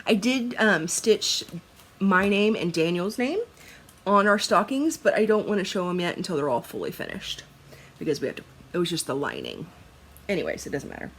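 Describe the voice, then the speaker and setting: A woman's voice: fairly low pitch, very animated, moderate pace, a bit bright, husky. A young woman chatting casually about her stitching, laughing often and swearing now and then. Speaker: cross-stitch vlogger.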